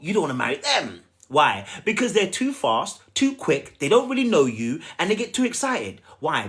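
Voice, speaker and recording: A man giving casual dating coaching on a livestream, emphatic and repetitive, often asking the audience if they follow. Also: a little high. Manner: animated, repetitive, emphatic and chatty.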